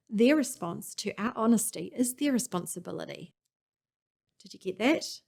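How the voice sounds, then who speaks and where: A woman gives a scripted teaching talk in a calm, earnest way. Her pitch sits in the middle of the usual range for a woman. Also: normal speed, gravelly. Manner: calm, earnest, acts out example lines. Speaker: presenter.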